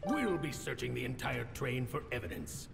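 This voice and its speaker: An actor voicing an officious crow detective agent in a game, giving commanding orders. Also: male voice, mid-range voice, very animated, moderate pace, over loud music. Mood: stern. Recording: reverberant with clear noise.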